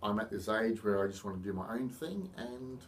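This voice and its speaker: A man's voice: lowish voice, animated, a little fast, a little hiss or hum. A middle-aged Australian man talking casually to camera in a rambling, chatty way with self-mocking humour. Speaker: vlogger. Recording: voice a bit far from the mic.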